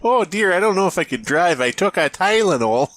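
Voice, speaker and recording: A man's voice: high-pitched, sing-song, a little fast, a bit bright, pitched above the performer's own voice. A man voicing a dazed, fretful middle-aged soccer mom with a put-on Minnesotan accent. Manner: fretful, woozy.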